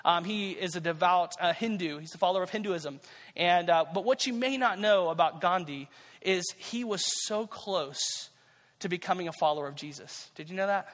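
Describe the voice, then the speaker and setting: Guy preaching in a church, kinda high voice, echoes a lot, says things twice to drive them home. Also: moderate pace, fairly bright tone. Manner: conversational, repeats key phrases for emphasis. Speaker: pastor. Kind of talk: sermon.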